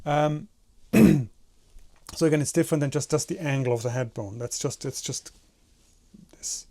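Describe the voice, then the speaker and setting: A man walks through an animation technique in a relaxed tutorial, showing each point with his own head and hands. His voice sits a little high for a man but sounds mellow and warm. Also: a little slow, gravelly. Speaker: animation instructor. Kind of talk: tutorial explanation.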